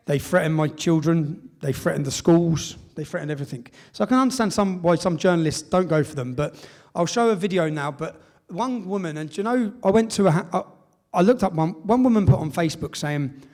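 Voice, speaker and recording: Male public speaker, slightly high pitch, emphatic stage storyteller who acts out dialogue. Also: fairly quick, darkish tone. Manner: emphatic storytelling with tag questions and reported dialogue. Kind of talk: speech at a live event.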